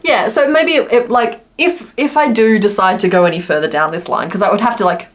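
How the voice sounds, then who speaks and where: A woman's voice: mid-range voice, fairly quick. A woman chatting casually on a crochet livestream, rambling and laughing often. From Australia. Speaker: crochet streamer.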